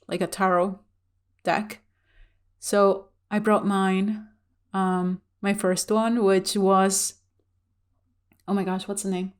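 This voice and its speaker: A woman talks straight to the camera in a loose, candid vlog style. Her voice sits in an ordinary middle pitch, and she rambles through her story with plenty of fillers and laughter. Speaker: spiritual vlogger.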